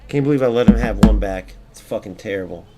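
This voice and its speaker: A man's voice: lowish voice, quick pace, over loud music. A young man streaming a football video game, commenting live, swearing and ranting about glitches. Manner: excitable, swears, rants at the game. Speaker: gaming streamer.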